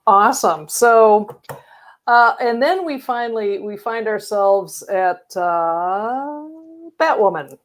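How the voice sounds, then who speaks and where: A woman co-hosting a comics talk show, chiming in with chatty, amused asides. She speaks at an unhurried, slow pace in a mid-range voice. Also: mid-range voice, animated. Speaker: co-host. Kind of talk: casual chat.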